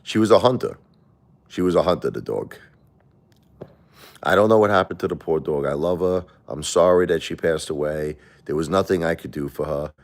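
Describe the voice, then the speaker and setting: Speaking at a normal pace in a low voice, this middle-aged livestream host addresses his viewers with emotion and defensiveness. His talk rambles, full of repeated words and false starts.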